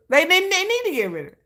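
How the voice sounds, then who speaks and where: Brash, high, bright-voiced woman ranting. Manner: animated and brash, acts out her own comebacks with big pitch jumps, curses freely. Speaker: content creator hosting a live stream. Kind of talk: casual ranting chat to viewers.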